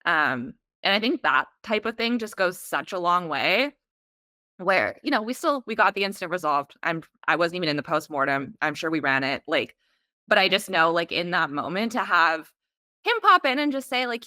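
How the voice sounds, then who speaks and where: Woman host, bright and forceful tone, casual and chatty, dry close mic. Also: lowish voice, expressive, moderate pace, no echo. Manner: conversational, laughs easily. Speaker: interviewer. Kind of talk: casual interview chat.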